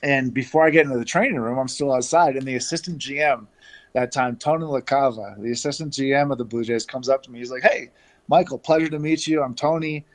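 A man from Canada telling stories as an interview guest over a video call, relaxed and chatty with lots of fillers and restarts. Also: mid-range voice, quick pace. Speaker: interview guest, former pro baseball player.

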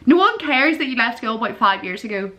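A young woman chatting casually in a vlog, giggly and animated, breaking into squeals and disgusted groans. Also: fairly high pitch, brisk. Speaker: vlogger.

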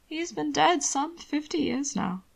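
A woman's voice: sits high, lively intonation, unhurried, vocal fry, pitched above the performer's own voice, heavily acted. A drowsy, playful young man with a light, teasing way of speaking, as a woman reads him aloud. He comes across as sleepy and fond in a storybook reading.

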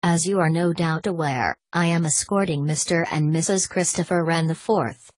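A woman voicing a pompous, scheming older British knight on crutches, haughty and sharp-tongued. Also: sits low, moderate pace, husky, dry recording. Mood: imperious.

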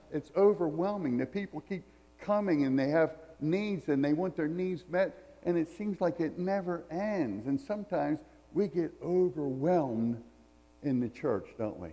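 A man's voice: a little high, normal speed, vocal fry, mellow, long reverb tail, lo-fi sound. A man preaching a sermon in a church, reading scripture and telling folksy stories with jokes. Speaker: pastor. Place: church sanctuary.

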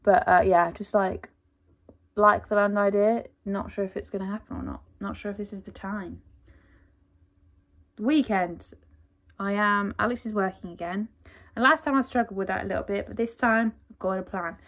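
A woman's voice: mid-range voice, moderate pace, a bit bright. A woman vlogger talking casually to camera in a rambling, chatty, self-deprecating diary style.

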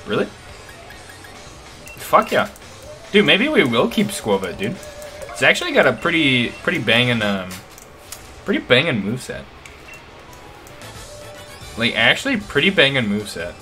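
Brief: excitable young male streamer, slangy and profane, bright animated voice. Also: medium pitch. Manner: excitable, slangy, swears often. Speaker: let's play host. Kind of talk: casual gameplay commentary.

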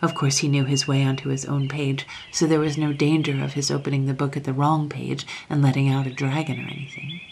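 A woman with a low, gravelly voice reads a classic children's story aloud. Her delivery is soft, often slipping into a half whisper, with a faint hiss behind her. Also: level tone, a little fast, few pauses.

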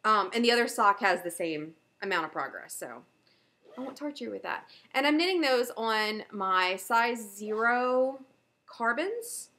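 A Southern US woman hosting a knitting video podcast talks at a measured pace, her slightly high voice sing-song, bright and forceful. Her chat about her projects is casual and enthusiastic, show-and-tell style, with frequent fillers.

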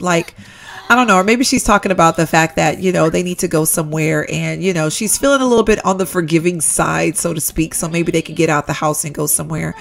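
A woman giving casual, chatty commentary while playing a life-simulation game, excitable and addressing viewers as "y'all". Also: medium pitch, brisk, creaky. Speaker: Sims let's-play creator.

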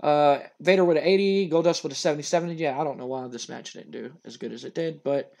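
A man's voice: a little high, fast, gravelly, a little mellow. A man hosting a let's-play, recapping a wrestling game in a loose, rambling way with frequent "uh"s. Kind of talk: casual game commentary.

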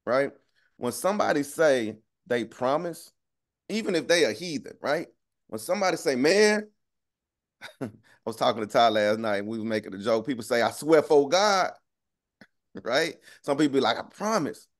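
A young man preaching a relaxed, slangy sermon, often laughing and checking in with his listeners. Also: mid-range voice, normal speed. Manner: conversational, keeps asking "right?". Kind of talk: casual street-talk sermon.

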